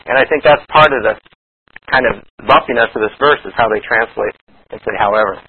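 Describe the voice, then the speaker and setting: Husky male Bible teacher, tinny recording. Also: mid-range voice. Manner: explanatory, pauses with fillers, reads scripture aloud slowly. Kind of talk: verse-by-verse Bible study lesson.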